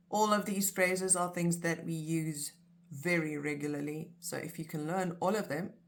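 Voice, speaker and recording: A South African woman teaching phrases in a casual, chatty language lesson, explaining with everyday examples. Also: low voice. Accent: South African (Afrikaans).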